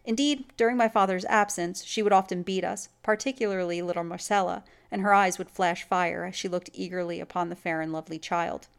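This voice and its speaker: A woman narrating a classic folk tale aloud in a measured, even storytelling manner. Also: lowish voice, gravelly, clear, resonant tone. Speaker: story reader.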